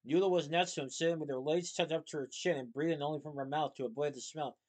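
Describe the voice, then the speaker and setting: A man reading a children's novel aloud in a plain, steady storytelling manner. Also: on the high side, quick pace. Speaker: reader.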